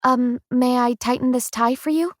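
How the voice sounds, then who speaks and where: A woman's voice: high voice, expressive, normal speed, no room sound, studio quality, pitched above the performer's own voice. A woman voicing a shy, hesitant young maid who speaks in a timid, faltering way in an audiobook.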